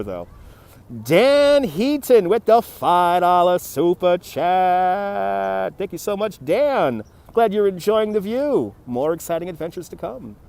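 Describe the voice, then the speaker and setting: With a highish voice and a darkish tone, a chatty man from New York City livestreams a walking tour on a city riverfront. He reads comments from viewers, greets them by name, and laughs easily, using a phone on a handheld gimbal as his microphone.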